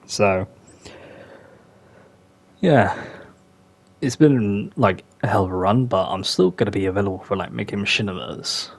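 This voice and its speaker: Slow, low-voiced young man rambling. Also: gravelly. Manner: rambling, loose, many fillers. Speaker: podcast host. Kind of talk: casual podcast chat.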